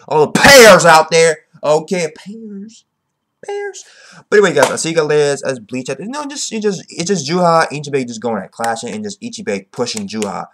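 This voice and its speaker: Excitable young man reviewing manga. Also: medium pitch. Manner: excitable, heavy slang and swearing, repeats "okay?". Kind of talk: casual commentary.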